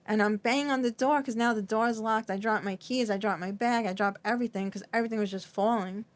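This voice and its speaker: A middle-aged woman talking as a podcast guest, her voice shaky as she recounts something painful, often halting, restarting and filling with "like". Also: on the high side, steady tone. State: shaky, trembling. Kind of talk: emotional interview recollection.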